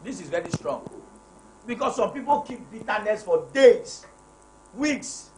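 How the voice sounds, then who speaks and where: A man's voice: sits high, expressive, unhurried, a little mellow. A middle-aged man hosting a live marriage program as a pastor, reading viewer comments and repeating his points emphatically. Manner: emphatic, repeats key phrases, preacherly. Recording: echoey room with faint noise.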